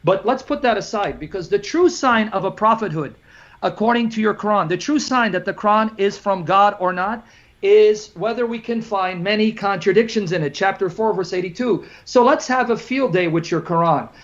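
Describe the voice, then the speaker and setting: A man with a fairly high voice fires off a combative, sarcastic debate rebuttal. He stacks point on point without letting up. The sound is muffled and lo-fi. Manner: combative, rapid-fire, sarcastic.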